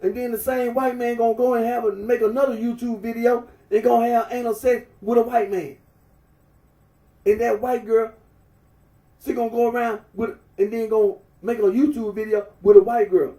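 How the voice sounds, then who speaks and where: A man's voice: very high voice, little pitch movement, moderate pace, dark tone. Male vlogger, emphatic rant with lots of repetition, recorded far off in a roomy, echoing space. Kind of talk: ranting monologue. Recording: echoey room, far from mic.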